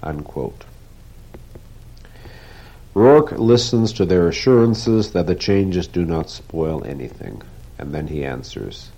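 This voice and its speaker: A man gives a formal literary lecture, speaking in a measured and deliberate way. His voice is very deep and mellow. The recording is dull and lo-fi. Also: expressive, creaky, husky. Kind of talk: literary lecture with read quotations.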